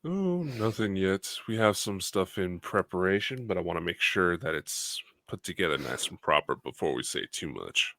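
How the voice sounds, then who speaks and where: Deep, bright-toned man co-hosting chat. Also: lively intonation, normal speed, vocal fry, few pauses, dry recording, studio quality. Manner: easygoing, conversational, plugs friends' channels. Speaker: podcast co-host. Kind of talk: casual chat.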